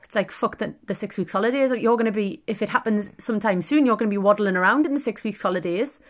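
A woman's voice: medium pitch, fast talker. A woman from England chatting as a podcast co-host, teasing her partner and telling stories. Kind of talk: casual chat.

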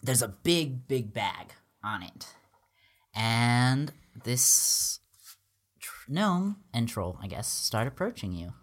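A woman narrating as game master of a tabletop game, a relaxed, laughing storyteller. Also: rumbling low, slow pace.

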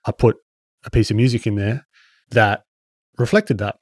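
A man's voice: lowish voice, fairly even intonation, moderate pace, no echo, clean studio sound. A man and podcast co-host chatting casually, rambling and explaining with lots of restarts. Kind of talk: casual chat.

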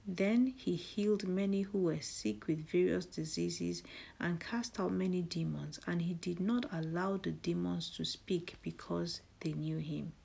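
A woman hosting a morning devotional, praying and reading scripture aloud in a soft delivery that often drops to a breathy half-whisper. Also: on the low side, fairly even intonation, unhurried. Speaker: devotional host.

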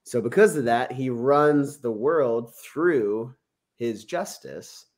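A man's voice: mid-range voice, lively intonation, slow, a little mellow. A man in casual conversation, walking through a Bible passage and acting out the quotes with an easy chuckle. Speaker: podcast co-host discussing scripture.

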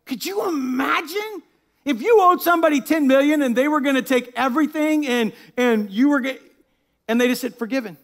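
Pastor, male, high-pitched, lively sermon delivery that laughs at its own asides. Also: a little fast. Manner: animated preaching, drops to a hushed tone when reading scripture.

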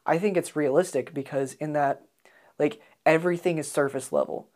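A man's voice: on the high side, normal speed, darkish tone. An American man chatting casually about films as a podcast co-host, hesitant, with many ums and restarts. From United States. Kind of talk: casual film discussion.

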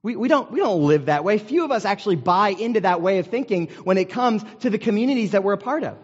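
A man's voice: high voice, animated, fast talker, husky. An American man preaching a sermon in a conversational, storytelling way with self-deprecating humor, recorded in a large meeting hall. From United States. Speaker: pastor. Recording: dull sound with long hall reverb.

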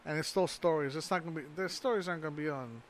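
Casting: man, slightly high voice, rambling slangy talk, faint background hiss. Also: very fast. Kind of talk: casual chat.

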